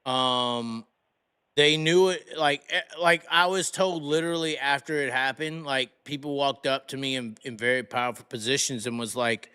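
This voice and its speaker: A man's voice: mid-range voice, fairly even intonation, normal speed, sharp tone, clear, resonant tone. A man talking as a podcast guest in a rambling, profane way, full of restarts and "like". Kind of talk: casual podcast chat.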